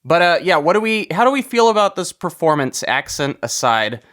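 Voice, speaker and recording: A man hosting a film podcast in casual chat, steering the talk, with sentences that often trail off softly. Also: on the high side, big pitch swings, fairly quick. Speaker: podcast host.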